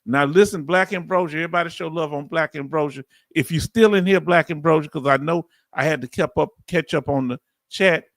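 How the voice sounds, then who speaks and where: A man's voice: fairly high pitch, a little fast, few pauses, no echo, studio quality. Southern man hosting a chat livestream. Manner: chatty, reads chat aloud, bursts of laughing excitement. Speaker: veteran livestream host. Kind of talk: casual livestream chat reading comments.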